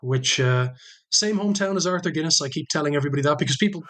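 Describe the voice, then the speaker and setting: An Irish man talks quickly in a relaxed podcast chat, his voice sitting a little high. He tells rambling, self-deprecating stories full of restarts. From Ireland. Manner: chatty storyteller, many restarts and self-deprecating jokes. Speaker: guest historian. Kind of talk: casual podcast conversation.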